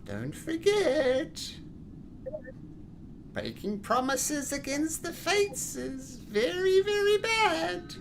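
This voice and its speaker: A woman voicing a sinister old hag, one of the fates, who speaks slowly and slyly. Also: high voice, very animated, creaky, noisy background, voice pushed up, full character voice. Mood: ominous.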